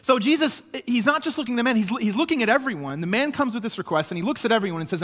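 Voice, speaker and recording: A man's voice: very high-pitched, expressive, rapid-fire, hardly any pauses, a bit bright, long reverb tail. A man preaching a sermon in a conversational way, often checking in with his listeners. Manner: conversational preaching with frequent "right?" asides. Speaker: pastor.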